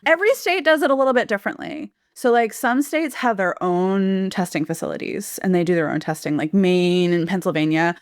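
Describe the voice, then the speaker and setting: A woman's voice: medium pitch, animated, fairly quick, hardly any pauses, no echo, studio quality. A woman hosting a podcast, reacting playfully and with enthusiasm while asking questions. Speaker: podcast host. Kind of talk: casual podcast conversation.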